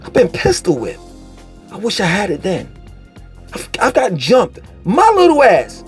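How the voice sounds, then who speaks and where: A man vlogging a casual commentary rant, animated, profane and mocking in tone. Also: high voice, measured pace, breathy edge, soft background music.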